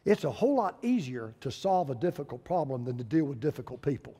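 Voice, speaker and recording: A male pastor, preaching a sermon with folksy humor and lively storytelling. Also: medium pitch, fast talker, husky, in a large hall.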